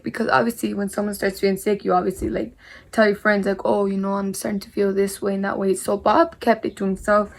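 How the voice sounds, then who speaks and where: Young woman with a flat, gravelly drawl. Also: mid-range voice, brisk. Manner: rambling, repetitive, peppered with "like" and mild swearing. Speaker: vlogger. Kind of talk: casual story time while doing makeup.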